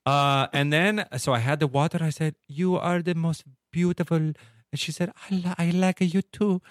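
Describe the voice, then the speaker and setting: A man playing a wistful medieval Italian holy man with a put-on Italian accent, halting and full of fillers in an improvised comic interview. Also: a little high, fairly even intonation, no echo, studio quality, close to an everyday voice. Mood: rambling. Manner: rambling, halting, many fillers.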